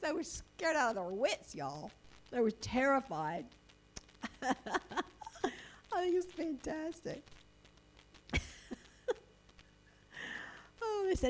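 A woman preaching a sermon, chatty and animated, laughing often as she reads and explains scripture. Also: sits high, takes it slowly, pauses often, poor audio.

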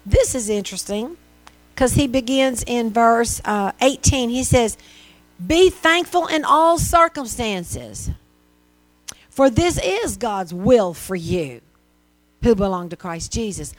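Woman preacher, high voice, chatty sermon w questions, electrical hum in the back. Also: expressive, takes it slowly, no echo, faint music behind. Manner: conversational preaching with rhetorical questions and mimicked voices.

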